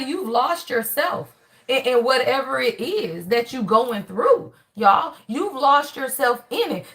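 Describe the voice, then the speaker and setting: Woman, 30s, crisp and high; casual, swearing live reader talking to viewers. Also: bright, forceful tone. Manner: loose, profane, talks straight to viewers. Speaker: spiritual reader on a livestream.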